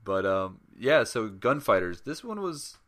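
A man's voice: fairly low pitch, sing-song, measured pace, a bit bright. A man co-hosting a podcast in casual chat, rambling with lots of fillers and restarts. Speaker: podcast co-host.

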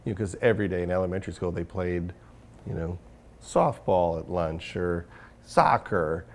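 A man's voice: sits low, moderate pace, slight background noise. A man talking candidly in an interview as the guest, rambling with many fillers and restarts. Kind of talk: casual interview conversation.

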